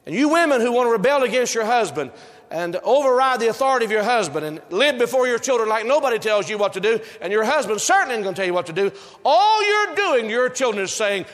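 A man's voice: very high voice, fairly bright tone. A male preacher delivering a sermon with an emphatic, repetitive preaching cadence, recorded in a church sanctuary. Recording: reverberant hall.

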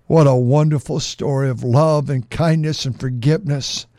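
A man's voice: mid-range voice, fairly even intonation, moderate pace, warm tone, no room sound, studio quality. A male preacher giving a fervent sermon, reading scripture aloud and repeating words for emphasis.

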